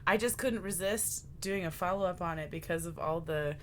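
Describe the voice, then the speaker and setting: A woman's voice: on the low side, moderate pace, slight background noise. A woman co-hosting a podcast in casual, playful chat, laughing often. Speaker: podcast co-host.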